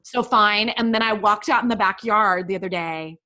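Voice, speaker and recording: Bright-voiced woman hosting a chat show, tells stories w lots of laughs. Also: mid-range voice, moderate pace. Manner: animated storyteller, laughs often. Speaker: podcast host. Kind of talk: casual interview chat.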